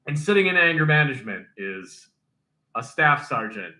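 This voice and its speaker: Bright, animated man telling stories. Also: on the high side, a little fast. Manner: animated, profane storytelling. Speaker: streamer and military veteran. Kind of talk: casual storytelling on a drunkstream.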